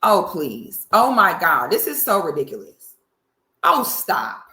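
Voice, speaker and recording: A woman doing reaction commentary in a sassy, animated, drawling way. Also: lowish voice, moderate pace, reverberant. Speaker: commentary host.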